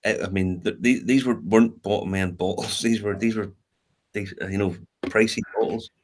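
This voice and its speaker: Laughing man with a low voice. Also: fairly even intonation, normal speed, darkish tone. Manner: laughing storyteller, swears freely. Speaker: podcast co-host. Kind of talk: casual chat.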